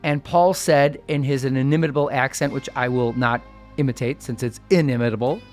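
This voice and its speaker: A man hosting a podcast, narrating in an earnest, measured, scripted way. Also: mid-range voice, fairly even intonation, darkish tone, faint music behind. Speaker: podcast host.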